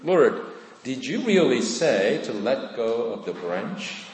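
A man voicing a desperate man hanging from a cliff branch, pleading loudly for help. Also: mid-range voice, very animated, takes it slowly, reverberant, in a large hall, a little hiss or hum, low-quality recording.

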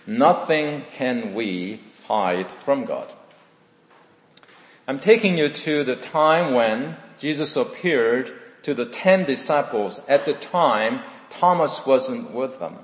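A male pastor, preaching a sermon in slow, emphatic phrases with dramatic pauses, in a church. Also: mid-range voice, darkish tone. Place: church sanctuary. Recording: echoey hall with long reverb.

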